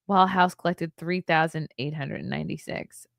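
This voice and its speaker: A woman in her thirties hosts a casual livestream in a low, gravelly voice, reading headlines and chat messages aloud. She adds wry, chatty asides as she goes. She sounds tired, and the close recording is dry. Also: steady tone, a little fast, hardly any pauses, no room sound. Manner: chatty and wry, laughs and ad-libs between reading. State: tired, yawning. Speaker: livestream host. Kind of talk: casual livestream commentary, reading news and chats.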